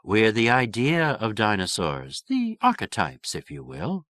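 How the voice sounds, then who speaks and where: A refined female dinosaur, as a male storyteller puts her on, speaking in a Boston aristocrat accent. Every syllable is precisely shaped, and her pitch rises and falls freely. The delivery is dry and blunt. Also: wildly swooping pitch, measured pace, a bit bright, no room sound, exaggerated voice. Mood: poised.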